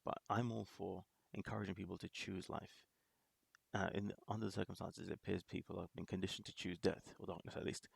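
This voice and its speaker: A man's voice: low-pitched, level tone, brisk, vocal fry, slightly rough, no echo. A man hosting a reaction video, talking in casual commentary that rambles with restarts and small laughs.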